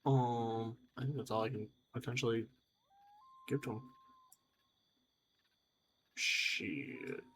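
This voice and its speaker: A man chatting his way through a game, wry and self-amused as he pokes around and remarks on what he finds. His voice sits at an ordinary middle pitch. A faint hiss runs under it. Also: steady tone, slow pace, long pauses, a bit bright. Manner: chatty, wry, talks to himself while exploring. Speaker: gamer. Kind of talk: let's play commentary.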